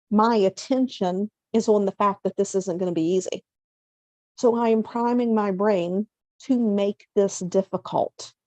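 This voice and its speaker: A middle-aged woman hosting a casual motivational talk, conversational, acting out inner self-talk and slowing down to stress key points. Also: medium pitch, dark tone, no echo. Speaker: hypnotherapist and coach, show host.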